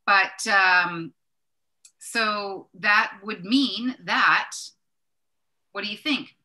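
A woman with a bright, clear voice hosts a casual wine tasting. She talks in a chatty, enthusiastic way, gushing over labels and flavours and stopping to correct herself. Her pitch sits in a middle range. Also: extremely slow.

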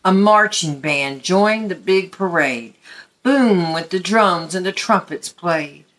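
A woman reading a picture book aloud at story time, gently and expressively for young children. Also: lowish voice, slow.

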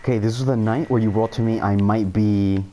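A man's voice: fairly low pitch, steady tone, a little fast, crowd noise. A man chatting casually during a co-op game, teasing his friend in a dry way. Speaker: gamer. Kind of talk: casual co-op gaming chat.

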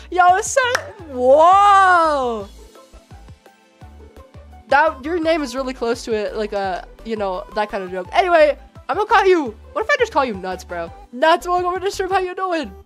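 High-pitched giggly young woman streamer. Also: very animated, moderate pace, soft background music. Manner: giggly, chatty, talks straight to chat, calls people bro. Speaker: livestreamer. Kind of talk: casual live gaming stream chatter.

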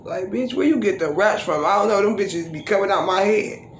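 A woman's voice: medium pitch, animated, fairly quick, a little hiss or hum. A woman vlogging casually and breaking into profane, boastful freestyle raps, recorded in her living room. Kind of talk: casual vlog talk with freestyle rapping. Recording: roomy echo in a home.

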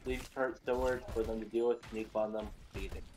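A man's voice: lowish voice, level tone, fairly quick, a little mellow. A man chatting casually with a friend while gaming, laid-back and teasing. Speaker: teammate on voice chat.

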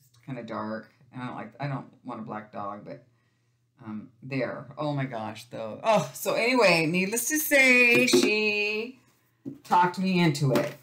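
A woman's voice: deep voice, expressive, measured pace, a bit bright, echoey room. A woman vlogging about her crafting, chatty and storytelling, talking to her viewers as "you guys".

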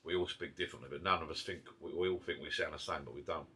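A man with an Essex accent rambles in a relaxed chat over beers, often cutting himself off and circling back. His voice is low and husky, with a bright, forward edge. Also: very fast. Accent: Essex English. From Essex, England. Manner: rambling, chatty, self-interrupting. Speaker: vlogger. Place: garden pub shed. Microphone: camera mic.

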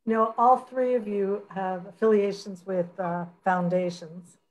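Woman wrapping up a webcast panel on a video call, calm storyteller, mid pitch. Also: low-quality recording. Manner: warm storytelling, measured and grateful. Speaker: panel moderator.

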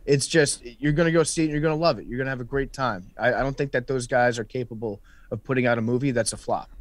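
A man's voice: mid-range voice, fast talker, no echo. A man, a podcast guest, talking casually and explaining his opinions at length.

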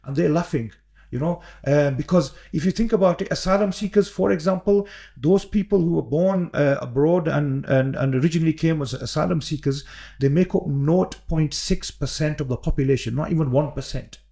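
An earnest man talks through a podcast conversation, circling back and repeating himself as he builds his point. His voice carries a gravelly, fried edge, and the tone sits dark and mellow. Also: a little high, brisk, few pauses. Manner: earnest, repeats words, many fillers and restarts. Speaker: podcast guest, imam.

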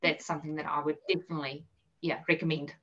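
Afrikaans-accented south african woman on a video call, bright voice, kinda far and muffled, lots of ums. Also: sits low, flat delivery, quick pace. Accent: Afrikaans-influenced South African English. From South Africa, Bloemfontein. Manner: chatty and self-deprecating, many ums and laughs. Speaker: interview guest. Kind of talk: casual video interview.

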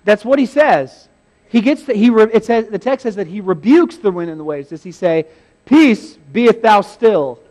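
A male pastor delivers a sermon, telling a Bible story in a lively, humorous manner with a high-pitched, slightly fast voice. He laughs often and acts out scenes with sudden shouts.

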